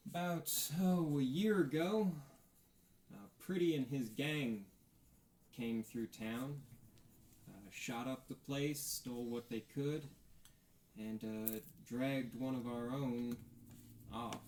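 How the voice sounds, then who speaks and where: Man voicing frontier town priest, slow and hesitant, faint background hiss. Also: mid-range voice, a little mellow, close to an everyday voice. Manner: hesitant, filler-heavy delivery. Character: middle-aged human male town priest, calm.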